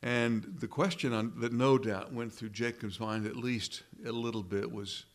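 A man leading prayer and preaching a sermon in an earnest, measured way, often tagging lines with rhetorical questions. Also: medium pitch, steady tone. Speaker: pastor.

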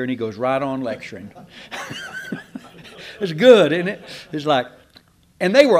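An older man preaches a sermon in a voice that sits a little high and swings widely as he tells stories. He breaks off into asides and restarts sentences while building to emphatic points.

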